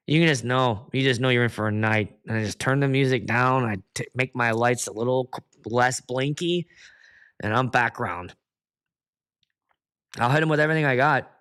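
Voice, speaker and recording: A man's voice: medium pitch, smooth. A man hosting a casual livestream as a DJ, telling stories and acting out quotes from guests with plenty of swearing. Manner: animated storyteller who acts out quotes with swearing. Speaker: DJ and livestream host.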